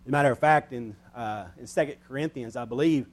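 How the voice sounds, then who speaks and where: A man's voice: medium pitch, quick pace. A man preaching a Bible study sermon in a folksy, conversational way. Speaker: pastor.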